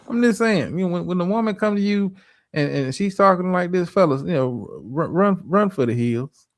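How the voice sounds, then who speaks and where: A man's voice: high-pitched, animated, measured pace, pauses often, no echo. A man hosting a livestream, reacting to a clip with profane, stammering, preachy relationship advice. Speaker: streamer host.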